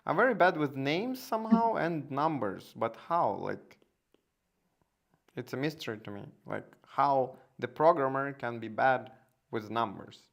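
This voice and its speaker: A man's voice: medium pitch, animated, a little slow, vocal fry. A man hosting a casual live stream, talking hesitantly with many fillers and restarts. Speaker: host.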